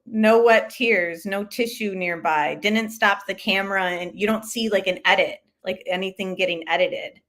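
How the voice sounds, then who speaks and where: A woman's voice: medium pitch, steady tone, normal speed, few pauses, a bit bright. A woman hosting a live commentary stream in a casual, opinionated, conversational way, reading viewer comments aloud as she goes. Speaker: commentary channel host.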